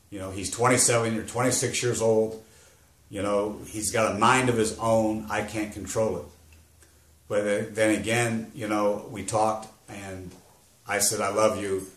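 Grieving father in his fifties, fighting tears, deep voice, halting delivery, echoey room. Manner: halting, rambling with restarts. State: struggling to hold back emotion. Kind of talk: personal testimony. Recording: roomy echo.

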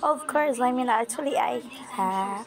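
A woman's voice: on the high side, gravelly. A woman reading an eager, flustered young woman commander who trips over her words. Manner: bright, quick to stumble over words.

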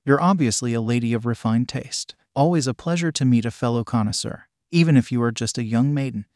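Man voicing a posh, refined gentleman, formal and pompous, mid-range voice. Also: medium pitch, a little fast, dry recording, clean studio sound, close to an everyday voice.

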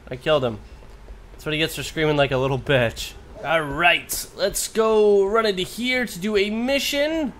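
A man's voice: on the high side, fairly bright tone, a little hiss or hum. Joking, sarcastic man commentating gameplay. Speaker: let's play host. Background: game music.

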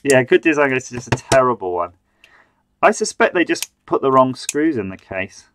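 A man's voice: medium pitch, sing-song, moderate pace, a bit bright, a little hiss or hum. A man hosting a live stream, chatting and muttering to himself as he builds an electronics kit. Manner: chatty, self-mocking, mutters while working.

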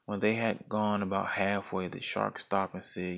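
A man reading a folktale aloud as a storyteller, in a measured, steady narration. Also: fairly low pitch, gravelly.

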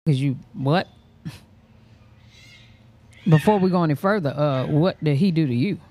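A woman's voice: low-pitched, a little slow, warm tone, slight background noise. A woman hosting a reaction stream, giving candid, slangy, outspoken commentary in a casual way. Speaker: reaction channel host.

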